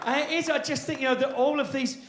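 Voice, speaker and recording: A man's voice: extremely high pitch, steady tone, quick pace, over a noisy crowd, very noisy. A man in his forties telling a rambling, self-deprecating stand-up story full of restarts and asides. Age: 40s. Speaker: stand-up comedian.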